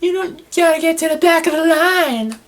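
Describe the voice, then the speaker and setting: A young man putting on a high, whiny voice to mock a complaining female wrestler. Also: brisk, a bit bright.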